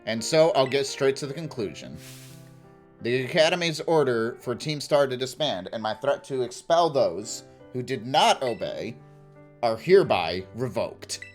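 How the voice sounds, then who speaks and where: A man's voice: mid-range voice, big pitch swings, measured pace, soft background music. A man voicing a formal, old-fashioned male school director while reading game dialogue aloud.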